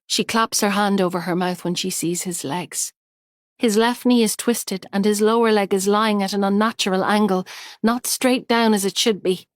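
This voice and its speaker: A woman narrating a thriller audiobook in a measured, tense way. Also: mid-range voice, steady tone, no echo, studio quality. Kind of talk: scripted narration.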